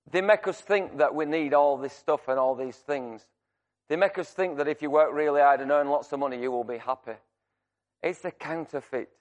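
A male preacher delivering a sermon in a church, emphatic and fond of repeating his key lines. His voice sits a bit high for a man. Every phrase trails off into a long hall reverb.

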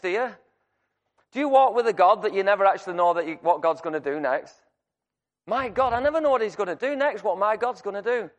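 Emphatic preacher in an echoing hall. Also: male voice, high voice. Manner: emphatic, repeats key phrases. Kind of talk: sermon. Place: church. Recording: long reverb church hall.

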